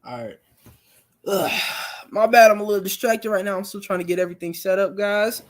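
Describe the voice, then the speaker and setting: A man's voice: high-pitched, fairly quick, slight background noise. Laid-back young man streaming. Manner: laid-back, rambling, many fillers. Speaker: live stream host. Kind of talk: casual live-stream chat.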